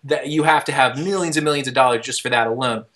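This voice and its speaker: A young man spins a loose, animated story on a casual podcast, stumbling over restarts and fillers. His voice sits at a middling pitch with a very bright, forward edge, and he swears freely as he goes. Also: fast. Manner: swears casually and shouts quoted lines. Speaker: podcast host.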